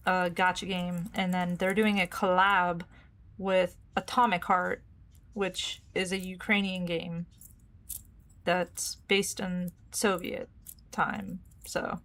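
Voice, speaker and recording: A woman's voice: mid-range voice, a bit bright. Giggly woman streamer reading game text. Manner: giggly, chatty, reads narration aloud. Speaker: VTuber streamer. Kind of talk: casual gameplay commentary reading game text aloud.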